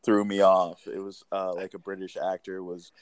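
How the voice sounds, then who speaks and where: A man hosting a podcast in a relaxed, casual way, with slang like "bro" and "man.". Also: low voice, normal speed, clean tone, no room sound. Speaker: podcast host. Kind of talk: casual conversation.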